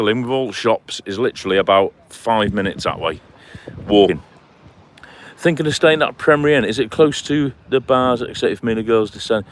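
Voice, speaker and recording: Over slight background noise, a man with a medium-pitched voice chats on his phone as he walks a seaside clifftop. He's a friendly vlogger reading his live chat, keeping it casual and matey and naming viewers as he goes.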